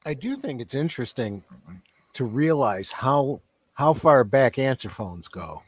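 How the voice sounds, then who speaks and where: A man's voice: mid-range voice, big pitch swings, a little slow, dry recording. A man co-hosting a casual movie commentary, thoughtful and trailing off with fillers. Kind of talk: casual film commentary chat.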